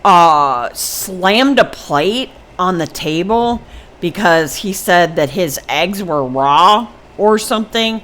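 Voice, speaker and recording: A woman's voice: on the low side, lively intonation, takes it slowly, a bit bright. An older woman vlogger telling a personal story casually, meandering with many ums and asides.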